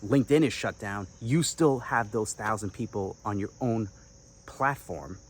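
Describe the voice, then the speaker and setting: A man giving direct-to-camera business advice as an online coach, energetic and chatty with playful asides. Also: on the low side, measured pace, husky.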